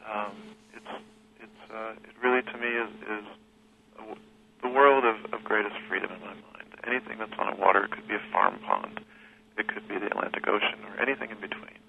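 A man, a guest who teaches history, talking reflectively in an interview, pausing and restarting his sentences often. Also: on the low side, expressive, creaky. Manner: thoughtful, halting with many restarts and fillers. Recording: tinny phone line with faint hiss.

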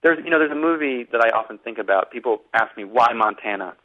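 Over a tinny phone line, a man from Boston, United States, talks as an author guest in a relaxed interview, thoughtful and restarting often. He speaks fast in a mid-range voice.

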